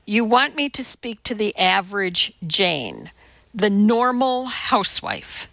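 A woman's voice: mid-range voice, big pitch swings, takes it slowly, gravelly, fairly bright tone, no echo, muffled recording, heavily acted. A woman voicing a blunt, serious woman who hosts a cooking show, speaking sternly and directly.

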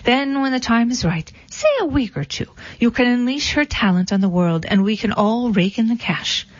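A woman's voice: fairly high pitch, normal speed, no room sound, natural voice. Woman voicing a glib, scheming prince. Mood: persuasive. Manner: glib, persuasive. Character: smooth-talking money-minded young male prince. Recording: dull lo-fi recording.

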